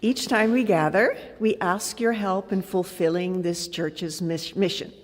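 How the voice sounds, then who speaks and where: A woman's voice: on the low side, a little slow. A woman lay leader reading a formal offertory announcement in earnest. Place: church sanctuary. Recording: long reverb of a church hall.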